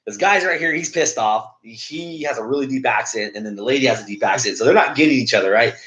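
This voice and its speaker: A man's voice: mid-range voice, fast, a bit bright. A man co-hosting a podcast, telling travel stories in loose, slang-filled casual chat with lots of fillers. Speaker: podcast co-host. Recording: dull lo-fi sound.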